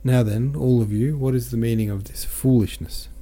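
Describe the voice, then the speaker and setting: A man's voice: fairly low pitch, steady tone, moderate pace, mellow. A man reading a curt, stern merchant consul. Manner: curt, scolding. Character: stern middle-aged merchant consul, short-tempered.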